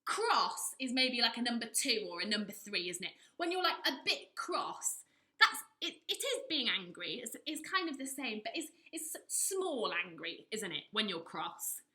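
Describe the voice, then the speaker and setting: A woman leading a children's drama lesson from home, coaxing in a lively teacher's manner and breaking into loud acted outbursts. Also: a little high, normal speed, hardly any pauses, poor audio.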